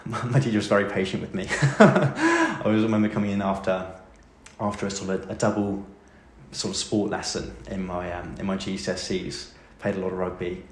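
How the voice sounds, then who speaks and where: A man's voice: low-pitched, big pitch swings, normal speed. A man with an English accent, a former pupil, telling a funny school story in a chatty, self-deprecating way. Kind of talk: anecdotal interview recollection. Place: school room. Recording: echoey room with faint hiss.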